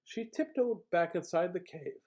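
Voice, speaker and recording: A man's voice: sits high, animated, moderate pace, darkish tone. A man reading a picture book aloud, playful with jokes and asides. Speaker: storybook reader.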